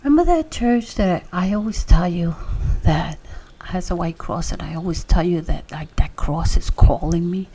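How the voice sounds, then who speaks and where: A woman sharing a personal faith testimony, telling her story with emotion and often dropping into a breathy whisper. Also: fairly low pitch, moderate pace, warm tone.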